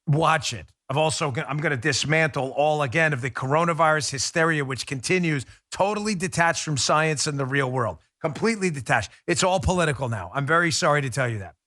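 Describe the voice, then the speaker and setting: Guy hosting a talk show, bright forceful voice, pitched a bit high, punchy radio style. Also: animated. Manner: brisk, emphatic talk-radio delivery. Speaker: host.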